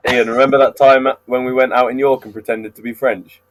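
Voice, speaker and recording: A man's voice: mid-range voice, little pitch movement, a little fast, rough recording. A man co-hosting a casual podcast, teasing his friend and laughing often. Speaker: podcast co-host.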